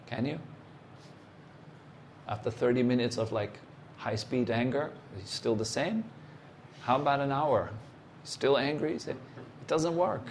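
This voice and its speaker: A man giving a meditation talk as a teacher, speaking in short, unhurried phrases and putting direct, challenging questions to the listener. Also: mid-range voice, a little hiss or hum.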